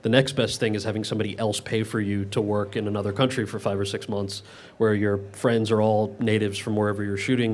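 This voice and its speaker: Brief: male actor at a live Q&A, rapid delivery, lowish voice, candid with restarts. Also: darkish tone. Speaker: actor answering audience questions. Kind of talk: public Q&A conversation. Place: event with live audience.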